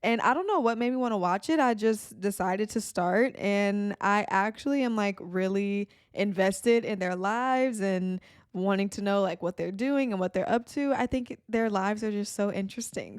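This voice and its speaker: Chatty young woman, crisp dry voice. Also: medium pitch, no echo. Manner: chatty, frequent "like" fillers. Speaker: podcast host. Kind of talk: casual chat.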